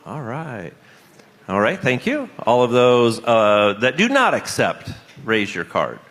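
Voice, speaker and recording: A man chairing a church business session, relaxed and joking, with plenty of fillers as he calls votes. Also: medium pitch, slow. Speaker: conference superintendent chairing. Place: large conference hall. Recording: long reverb of a large conference hall.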